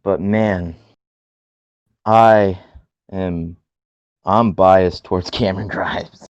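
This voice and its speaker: A man with a very low voice chats casually on a podcast, eager and gushing. His voice comes through dry and a little dull, like a lo-fi home recording. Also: extremely slow, no room sound. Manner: excitable, gushing fan talk. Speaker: podcast co-host. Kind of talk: casual chat. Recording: dull lo-fi sound.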